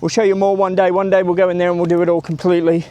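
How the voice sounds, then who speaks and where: Male travel vlogger, casual and rambling, higher pitch, outdoors on the move. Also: flat delivery, very fast, mellow, clear, resonant tone, muffled recording. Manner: chatty and rambling, greets passers-by. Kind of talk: casual walking tour vlog. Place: outdoors by a city stadium, walking.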